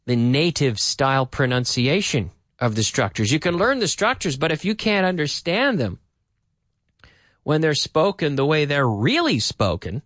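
A man teaching an English lesson, repeating phrases slowly and then explaining them. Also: fairly high pitch, very animated, a bit bright, dry recording, studio quality.

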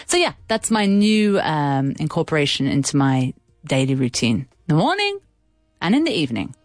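Woman radio host, chatty and teasing, animated pitch, dry close mic. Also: moderate pace, no echo, faint music behind. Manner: chatty, playful, laughs often, swoops up in pitch. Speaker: radio co-host and English teacher. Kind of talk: casual radio chat teaching English.

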